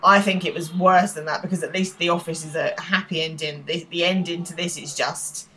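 A woman's voice: lowish voice, fairly even intonation, brisk, bright, forceful tone, a little hiss or hum, rough recording. A married woman co-hosting a podcast, chatting casually and animatedly, laughing and swearing now and then. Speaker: podcast co-host. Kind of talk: casual chat.

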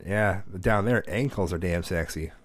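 A man in his thirties telling a story in a casual chat, animated and profane, acting out the voices of the people in it. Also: low voice, normal speed, no room sound, clean studio sound.

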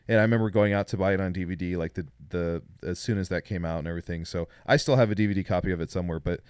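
Man, low smooth voice, gushing movie chat, dry close sound. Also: very fast, darkish tone, dry recording. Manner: enthusiastic, rambling, gushing. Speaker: podcast co-host. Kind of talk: casual film chat.

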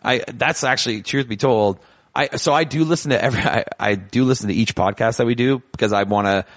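A man hosting a podcast in casual chat, animated and joking, rambling with restarts. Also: medium pitch, fairly quick, no echo. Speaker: podcast host.

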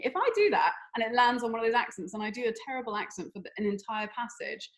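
A young woman, an actor, chatting in an interview, laughing often and filling pauses with ums. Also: on the high side, big pitch swings, low-quality recording. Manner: laughing, chatty, with many fillers. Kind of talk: casual interview chat.

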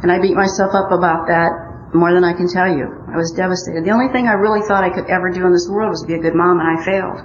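A woman's voice: on the low side, fairly even intonation, fast talker, few pauses, slight background noise. Older Midwestern woman sharing her story. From Omaha, Nebraska. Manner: earnest storytelling with wry humor. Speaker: speaker at a recovery meeting. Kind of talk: personal recovery share. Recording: muffled roomy recording.

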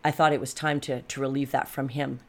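Fifties woman, low register, candid reflective vlog coach, direct and emphatic. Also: level tone, brisk. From Canada. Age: 50s. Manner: frank, emphatic, reflective, addresses viewers directly. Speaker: life coach and vlogger. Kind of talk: candid personal monologue to camera.

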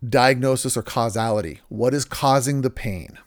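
A man's voice: medium pitch, moderate pace. A man who works as a counselor, explaining ideas in a conversation and acting out quoted voices as he talks. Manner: animated storytelling, acts out quoted voices.

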